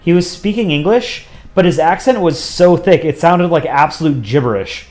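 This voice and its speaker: A man's voice: fairly high pitch, expressive, normal speed, a little mellow. Offhand man chatting on a drawing stream. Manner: rambling, offhand, chuckling, thinking aloud. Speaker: livestream host drawing. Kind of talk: casual livestream chat while drawing. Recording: roomy echo with faint music behind.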